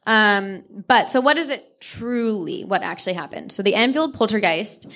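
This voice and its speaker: A woman co-hosting a podcast live on stage, retelling a true ghost story with lively asides and quick character voices. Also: medium pitch. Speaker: podcast co-host. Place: on stage before a live audience.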